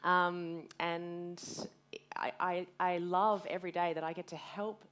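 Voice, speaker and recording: A woman's voice: on the low side, level tone, a little slow, fairly bright tone, clean tone. A woman in her thirties, a guest speaker telling her story frankly and with energy at a live community event, swearing freely and quoting herself. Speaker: guest speaker, fitness business owner.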